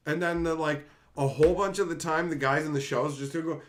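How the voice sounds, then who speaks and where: A man's voice: on the high side, lively intonation, moderate pace, few pauses. A man casually ranting on a livestream, reading chat aloud, laughing and swearing as he gets worked up.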